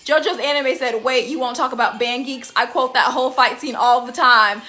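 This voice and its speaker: A woman's voice: high voice, normal speed, pushed and bright. A young woman hosting a casual live stream from indoors, reading viewer comments into her phone, laughing often and acting out cartoon quotes in silly voices. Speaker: TikTok live host.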